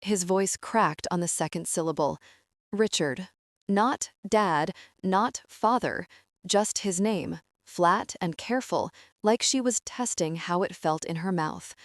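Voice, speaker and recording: Low, dry-voiced woman narrating a story. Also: measured pace, no room sound. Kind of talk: scripted first-person story narration.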